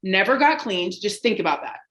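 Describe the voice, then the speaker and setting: A woman's voice: medium pitch, animated, fairly quick, a little hiss or hum, rough recording. A young woman from Colorado, a bartender and comedian, telling stories as a guest on a casual podcast with lots of laughter and swearing. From Colorado, USA. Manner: loud, laughing, swearing storyteller.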